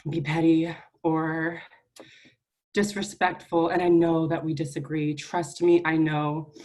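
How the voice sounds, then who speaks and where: A young woman student senator giving a public apology at a meeting, earnest and halting, close to tears. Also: on the low side, darkish tone. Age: young adult. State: near tears.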